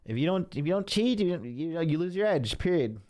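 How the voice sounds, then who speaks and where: A man's voice: on the high side, very animated, brisk, a crowd in the background. A man hosting a podcast, giving blunt, boastful commentary. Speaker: podcast host. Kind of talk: casual commentary.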